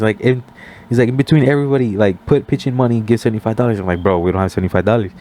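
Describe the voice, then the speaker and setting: A young man with a lowish voice tells a story on a casual podcast. He talks loosely, fills gaps with "like", and acts out the other people's lines as he goes. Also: very fast. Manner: animated storyteller, acts out quoted voices, many "like" fillers. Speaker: podcast guest.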